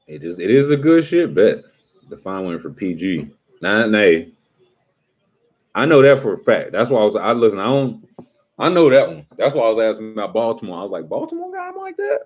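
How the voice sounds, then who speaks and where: Casual streamer man, low voice, swings up high when he jokes. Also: a little fast, husky. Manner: animated, joking, breaks into impressions. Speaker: streamer chatting with viewers. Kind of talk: casual livestream chat.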